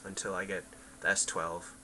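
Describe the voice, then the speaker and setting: A man's voice: low-pitched, little pitch movement, moderate pace, sharp tone, slight background noise, low-quality recording. A man chatting casually on a game livestream, rambling to his viewers and his cat. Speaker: game streamer.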